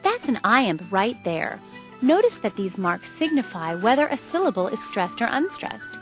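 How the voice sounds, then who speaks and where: A woman's voice: a little high, very animated, normal speed, faint music behind. A woman giving an upbeat, scripted educational narration. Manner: upbeat, explanatory.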